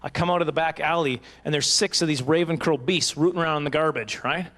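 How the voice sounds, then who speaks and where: A man's voice: a little high, fast talker, a bit bright. A man performing a rambling, self-mocking stand-up comedy set at a banquet, jumping into silly voices. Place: banquet hall stage.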